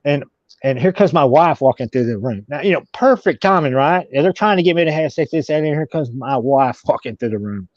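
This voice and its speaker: A man telling a long story as an interview guest, halting and repeating himself as he goes. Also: medium pitch, animated, no echo. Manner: halting, repeats words and restarts. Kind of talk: casual storytelling. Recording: dull, dry audio.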